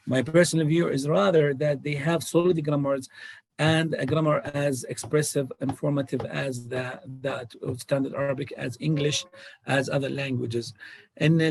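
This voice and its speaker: Man, academic lecturer, higher voice, dry close sound, checks in with "okay?". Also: vocal fry, darkish tone, no room sound. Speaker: guest lecturer. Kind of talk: academic talk and answers over a video call. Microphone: video call.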